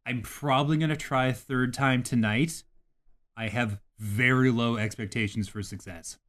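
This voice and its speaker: A man's voice: mid-range voice, steady tone, normal speed, a bit bright. A man co-hosting a gaming podcast, talking casually and animatedly, swearing freely as he rants about games. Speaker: podcast co-host.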